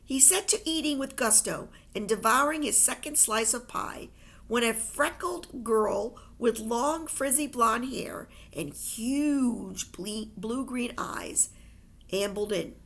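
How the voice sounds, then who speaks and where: A woman reading a novel aloud with expressive storytelling. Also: a little high, slow, gravelly. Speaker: reader.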